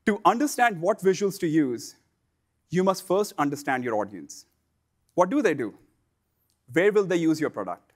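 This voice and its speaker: A man presenting a scripted instructional lesson for online sellers, in a measured, explanatory delivery. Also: a little high, big pitch swings.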